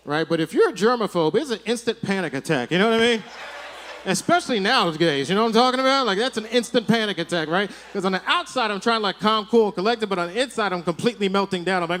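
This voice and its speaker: Fast, high-voiced stand-up comic man. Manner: rapid, animated storytelling with mock panic. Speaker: stand-up comedian. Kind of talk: stand-up set. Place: comedy club stage.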